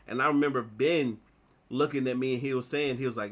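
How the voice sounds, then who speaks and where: Bright-voiced man rambling through a story. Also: medium pitch, fast talker. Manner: rambling, animated retelling with repeated "like". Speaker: artist vlogger. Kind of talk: casual storytelling while drawing.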